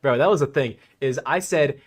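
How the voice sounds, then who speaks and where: A man's voice: medium pitch, normal speed, breathy edge. A young man hosting a livestream, talking casually in a mocking, laughing, slangy way. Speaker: livestream host.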